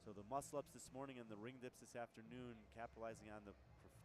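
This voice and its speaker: A man's voice: medium pitch, steady tone. Guy calling the event live, mid voice, lots of outdoor noise behind. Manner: conversational, measured. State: out of breath. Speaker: sideline commentator and interviewer. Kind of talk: live sports commentary and interview. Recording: noisy outdoor event audio.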